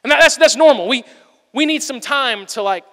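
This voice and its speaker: A man preaching a sermon as pastor, telling stories with lively swings between loud bursts and hushed, intimate lines. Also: very high-pitched, moderate pace, long reverb tail.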